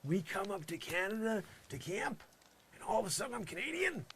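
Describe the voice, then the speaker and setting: A man delivering an improvised comic monologue in a rambling, mock-earnest way, full of "you know" fillers, swinging between loud outbursts and muttered asides. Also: high voice, big pitch swings, fairly quick, a little hiss or hum. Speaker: comedy vlogger.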